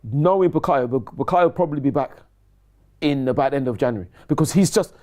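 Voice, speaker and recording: A man talking football on a casual chat show, excitable and repeating himself, laughing often. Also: medium pitch, fast talker. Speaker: pundit.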